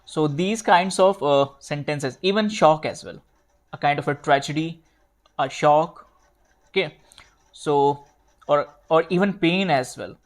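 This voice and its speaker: A man teaching grammar at a slow pace, repeating himself and correcting his own slips while writing out examples. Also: a little high. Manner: slow, repetitive, fillers and self-corrections. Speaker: English teacher.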